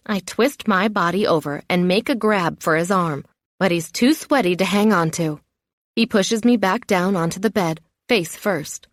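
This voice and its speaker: Expressive woman narrating a novel. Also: on the low side, normal speed, dry recording, clean studio sound. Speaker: audiobook narrator. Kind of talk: first-person novel narration.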